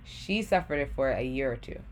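A young adult woman, a podcast guest, tells a personal story in a casual, chatty way, saying "like" constantly and acting out what she used to think. Her voice rumbles low and sounds animated, moving fairly quickly. There's a slight hiss or hum in the audio.

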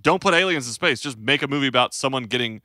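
A man co-hosting a podcast, talking in an animated, teasing and bossy way. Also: mid-range voice, fast talker, no room sound, studio quality. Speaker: podcast co-host. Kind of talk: casual podcast chat.

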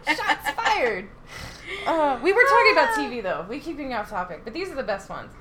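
A woman's voice: sits high, very animated, fast, very noisy. A young woman co-hosting a podcast, chatting casually with lots of fillers, swearing and giggling. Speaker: podcast co-host. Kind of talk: casual chat.

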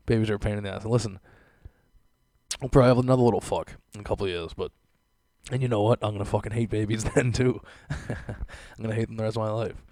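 A man's voice: fairly low pitch, fairly even intonation, fast talker, mellow, no echo. A young man hosting a podcast, ranting in a casual, sarcastic way, swearing often and laughing at his own lines. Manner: profane, laughing, sarcastic rant. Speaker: podcast host.

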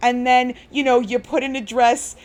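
A woman's voice: on the high side, little pitch movement, normal speed. A woman co-hosting a podcast, retelling in a gushing, rambling way with lots of fillers. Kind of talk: casual chat.

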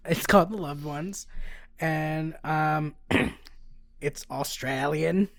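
Woman podcast co-host, gravelly and husky, rambling, giggly, dry close mic. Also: low-pitched, slow, no room sound. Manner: laughs often, rambling with many "like" fillers. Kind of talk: casual chat, reading a plot summary.

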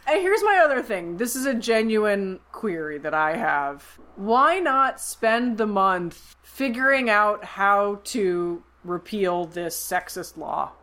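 A woman co-hosting a podcast, recapping a movie in casual chat and acting out the characters' lines in quick voices. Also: medium pitch. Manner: animated retelling, acts out quotes in quick voices. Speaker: podcast co-host.

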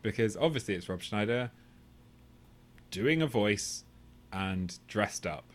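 Slow and lively in his intonation, a man with a fairly low voice co-hosts a podcast. His casual talk drifts in long rambling tangents, with the occasional curse thrown in.

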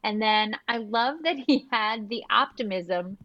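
A woman co-hosting a podcast, chatting casually and retelling scenes with quick quoted lines. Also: a little high, no room sound, highs cut off. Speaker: podcast co-host. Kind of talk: casual recap chat.

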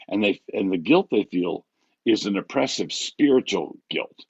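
A man's voice: on the low side, lively intonation, normal speed, husky, no room sound, dull audio. A man, a pastor, talking casually on a podcast with many restarts and chuckles at his own examples. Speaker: pastor and guest author.

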